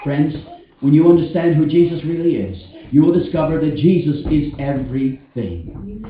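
A man's voice: fairly high pitch, animated, moderate pace, a little hiss or hum. A man preaching a sermon, earnest and emphatic, drawing out key words for weight. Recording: echoey, distant, muffled church mic.

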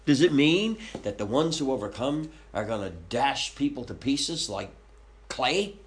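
A man's voice: mid-range voice, sing-song, unhurried, slight background noise. A man leading a Bible study, reading scripture aloud and explaining it conversationally, with questions to his listeners. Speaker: Bible teacher.

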